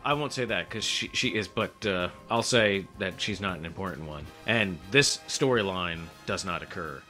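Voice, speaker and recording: A man's voice: low voice, normal speed, bright, forceful tone, faint music behind. A man co-hosting a casual comedy podcast, wry and teasing, laughing often. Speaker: podcast co-host.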